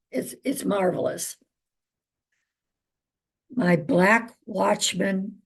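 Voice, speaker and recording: Slow-talking older woman with a gravelly voice. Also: medium pitch. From United States. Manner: chatty, homey, with fillers and warm asides. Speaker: traditional naturopath. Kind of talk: casual chat vlog.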